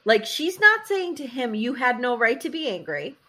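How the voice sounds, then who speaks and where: Woman, podcast co-host, casual recap chat, animated storytelling, acts out quotes, slightly high voice. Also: normal speed.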